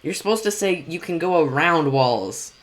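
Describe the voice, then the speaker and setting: A man hosting a casual chat, rambling excitedly with lots of restarts and fillers. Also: fairly high pitch, moderate pace. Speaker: podcast host reacting to a video.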